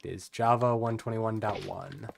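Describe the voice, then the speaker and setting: A man's voice: lowish voice, steady tone, normal speed, vocal fry, noisy background. A man casually chatting on his live stream as he plays, in a rambling, laid-back way with lots of filler words. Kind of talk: casual live-stream chat while gaming.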